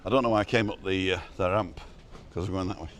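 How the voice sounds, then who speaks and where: A man's voice: sits low, fairly even intonation, fast, slight background noise. A middle-aged English man chatting and joking while filming a walk by the sea. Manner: jokey, chatty, teasing. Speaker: vlogger filming a walkabout. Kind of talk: casual chat. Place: outdoors by a seaside street.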